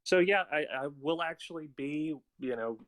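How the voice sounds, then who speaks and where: A man's voice: fairly high pitch, moderate pace, a bit bright, no echo. A man from Arkansas, a filmmaker guest chatting casually on a podcast, rambling with many fillers. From Arkansas, United States. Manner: rambling, filler-heavy, laughs easily.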